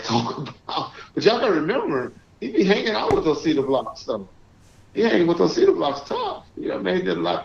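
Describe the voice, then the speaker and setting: A man hosting a live call-in stream, chatting casually and reading out shout-outs to viewers. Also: a little high, creaky. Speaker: livestream host. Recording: echoey, dull lo-fi stream audio.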